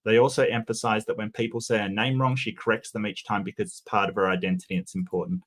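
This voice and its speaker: A man's voice: lowish voice, little pitch movement, fast talker, fairly bright tone. A man hosting a casual livestream, reading forum posts and chat comments aloud and chatting about them.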